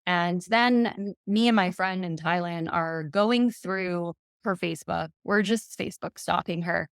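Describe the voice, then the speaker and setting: A woman's voice: fairly low pitch, measured pace, smooth, no room sound, clean studio sound. A woman in her thirties, a podcast guest, earnestly retelling a personal story and quoting messages aloud.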